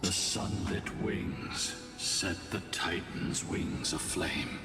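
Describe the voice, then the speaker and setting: An actor voicing a solemn male warrior in a game, recounting a battle in a slow, grave manner. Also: over music. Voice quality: gravelly and deep. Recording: distant echoey game audio with long reverb.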